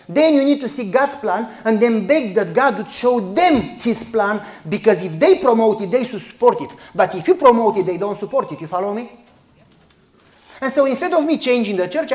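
A man, preaching as a pastor and telling a story in a lively, direct way. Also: sits high, roomy sound. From Romania. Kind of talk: sermon storytelling.

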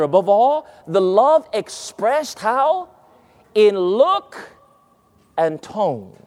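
Lively high-voiced preacher man. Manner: emphatic, asks the audience questions, stretches key words. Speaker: preacher teaching on speaking. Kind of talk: sermon-style lesson.

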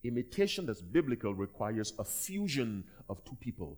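Man, preacher, emphatic, measured, dramatic pauses, mid-pitched voice. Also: sing-song, a little mellow. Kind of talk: sermon Q&A and prayer.

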